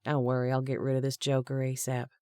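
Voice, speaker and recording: A woman's voice: rumbling low, monotone, fast, warm tone, clean tone, dry recording, studio quality. Woman reading as a cocky young male show-off. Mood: brash. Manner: brash, boastful.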